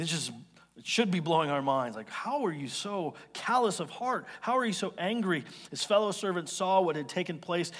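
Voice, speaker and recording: A male pastor preaching a sermon, explaining scripture in an animated, conversational way with quick asides. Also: sits high, big-room sound. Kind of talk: expository sermon.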